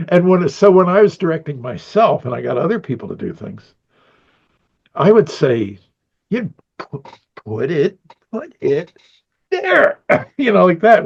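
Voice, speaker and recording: A man's voice: fairly high pitch, creaky, a little mellow, breathy edge, dull audio. An older man in a rambling interview about his animation career, a chuckling storyteller who acts out what people said.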